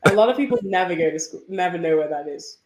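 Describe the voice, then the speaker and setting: A woman's voice: on the low side, animated, fast talker, muffled recording, a crowd in the background. Young Englishwoman chatting in a roomy space. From England. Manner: chatty, laughs often while telling stories. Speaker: guest. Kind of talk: casual interview chat. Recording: roomy echo.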